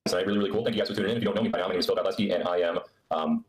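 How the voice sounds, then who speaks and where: A man's voice: low-pitched, very fast, few pauses, roomy sound, low-quality recording. A man hosting a live question-and-answer stream from his laptop, rambling and sarcastic as he chats to viewers. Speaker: livestream host. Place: indoor room on a trip. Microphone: laptop microphone.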